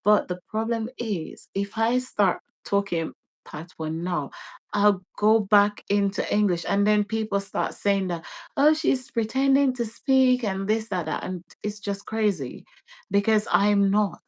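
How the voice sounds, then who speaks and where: A woman's voice: mid-range voice, measured pace. A woman from Jamaica with a Jamaican accent, chatting casually on a livestream and explaining herself with lots of "like"s. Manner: animated, explaining herself with many "like"s. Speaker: livestream host. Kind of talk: casual chat.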